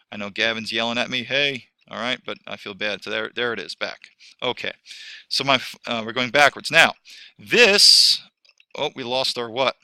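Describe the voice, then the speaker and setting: A man's voice: on the low side, vocal fry, pushed and bright, clear, resonant tone, dry recording. A man teaching a screen-recorded lesson, rambling and correcting himself as he talks through each step.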